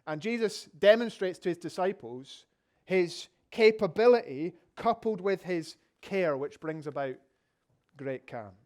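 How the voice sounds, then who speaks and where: A man's voice: sits high, expressive, unhurried, a little mellow. A middle-aged Scottish man preaching a sermon, telling the story vividly and asking rhetorical questions. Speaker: pastor.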